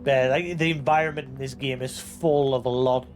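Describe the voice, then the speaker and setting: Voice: medium pitch, soft background music. Laid-back streamer reading game documents. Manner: reads in-game documents aloud in a measured, deliberate cadence; relaxed, offhand asides between readings. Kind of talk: live gameplay commentary.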